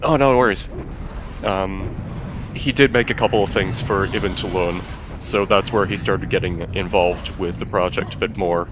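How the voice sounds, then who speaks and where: A man's voice: deep voice, fairly even intonation, moderate pace, background noise. A man, a guest developer, chatting casually and explaining his solo project with easy fillers. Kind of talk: casual chat.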